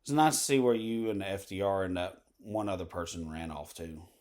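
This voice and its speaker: A man with a somewhat low voice, rambling along in a loose monologue. He drifts from point to point, leaning on fillers and side remarks. It sounds like casual, unscripted talk to the camera. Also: moderate pace, a little mellow. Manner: meandering, full of fillers and asides. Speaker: vlogger.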